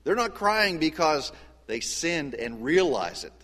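A man gives a sermon in a church sanctuary, pitched a little high for a man. His delivery is animated, dropping low and quiet, then climbing high and loud. A long reverb from the hall trails every phrase. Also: a little slow. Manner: animated preaching with wide swings of pitch and loudness. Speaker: pastor.

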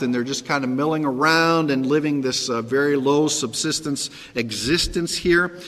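A man's voice: mid-range voice, fairly bright tone, big-room sound. A man preaching a sermon as pastor, reading scripture aloud, then explaining it in a conversational way with frequent "okay?" check-ins. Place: church sanctuary.

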